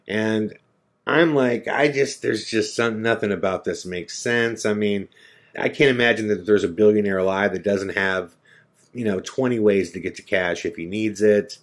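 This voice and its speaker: A middle-aged man hosting a podcast, telling a story in a lively way and acting out the people he quotes. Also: lowish voice, moderate pace. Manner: animated storyteller, acts out quoted dialogue. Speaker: podcast host.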